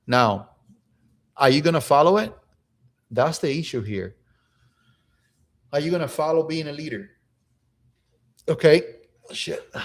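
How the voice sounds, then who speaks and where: Male host, mid pitch, casual motivational talk, chatty, repeats himself. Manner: conversational, repeats phrases, fillers like "right?" and "you know".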